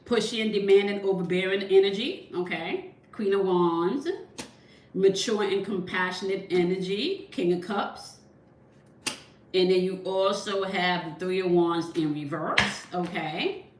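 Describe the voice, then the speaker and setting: A woman giving a tarot reading who explains each point and checks in with "okay?" as she talks to viewers from her desk. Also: a little slow. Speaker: tarot reader. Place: at a desk indoors. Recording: echoey room, mic at a distance, faint rumble.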